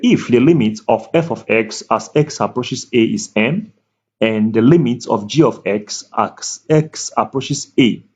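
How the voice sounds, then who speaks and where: A man tutoring math at a board, speaking slowly and deliberately, repeating key words and checking that the viewer is following. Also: lowish voice, a little mellow, slightly rough. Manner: slow, deliberate, repeats key words, asks "can you see that?". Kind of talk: whiteboard math lecture. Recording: dull lo-fi recording.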